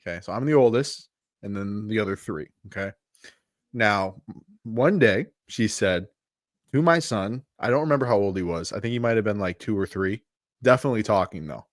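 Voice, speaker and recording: A man's voice: lowish voice, normal speed, no echo, studio quality. A man co-hosting a live podcast as a coach, telling stories in a chatty way and laughing at himself. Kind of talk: casual live podcast chat.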